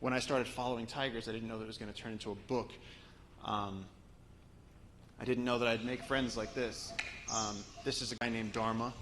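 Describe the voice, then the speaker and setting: A man's voice: mid-range voice, flat delivery, a little fast, a bit bright, slight background noise, rough recording. A man giving a storytelling talk to a live audience, sharing conversational anecdotes with frequent restarts. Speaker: guest speaker and author.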